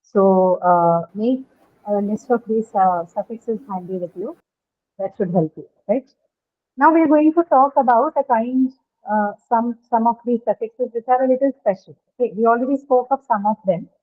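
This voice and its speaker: A woman's voice: a little high, normal speed. Patient woman teacher over a tinny line. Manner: patient, questioning, often checks with "right?". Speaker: English teacher. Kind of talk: online class lecture on word stress. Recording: tinny phone-like call audio.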